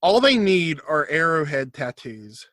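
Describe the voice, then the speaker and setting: Higher-voiced young man, dry and wry. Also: big pitch swings, pushed and bright, no echo. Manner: quick wry interjections, joking. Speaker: podcast co-host and editor. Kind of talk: casual chat.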